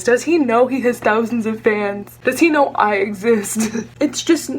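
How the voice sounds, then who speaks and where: A woman's voice: fairly high pitch, a little hiss or hum. A young woman with a Texan accent reacting to a book in a vlog, gushing and dramatic with lots of "like". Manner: gushing, fast, full of "like" and dramatic asides. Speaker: book vlogger.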